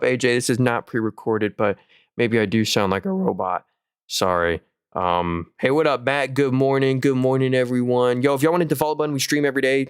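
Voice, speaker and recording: A young man hosts a casual live stream about stocks, walking through earnings figures with upbeat energy and plenty of fillers. His voice is smooth and clear at a middling pitch. The mic is close and the sound is dry, with no room echo. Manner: upbeat, talks through numbers with fillers and restarts. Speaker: stock market livestream host.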